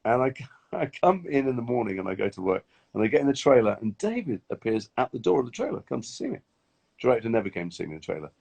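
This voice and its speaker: A man's voice: mid-range voice, quick pace, vocal fry, husky. A man chatting casually on a live video call, telling set stories and acting out what others said. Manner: animated anecdotes acting out other people's lines. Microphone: phone on a video call.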